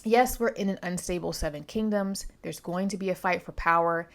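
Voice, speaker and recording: A woman with a fairly low voice talks through a book review in a casual vlog. She is chatty and emphatic, wandering into asides as she goes. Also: moderate pace.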